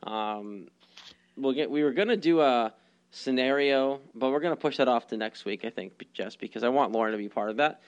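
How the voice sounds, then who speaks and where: A man's voice: medium pitch, a little fast, clear, resonant tone, dull audio. A young man co-hosting a casual sports podcast, talking with many hesitations and frequent laughs. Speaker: podcast co-host.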